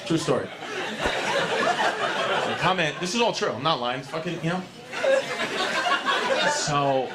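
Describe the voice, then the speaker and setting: A man's voice: mid-range voice, heavy background noise. A man from New telling a stand-up story, brash and profane, slightly drunk, laughing as he goes. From New York City. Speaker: stand-up comedian.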